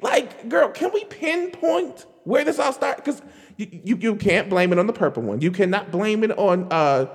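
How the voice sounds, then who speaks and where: Man, high voice, very lively pitch, chatty podcast rant, casual, long reverb. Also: moderate pace, gravelly. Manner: animated, chatty, lots of "like" and "girl", laughs while talking. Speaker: podcast host.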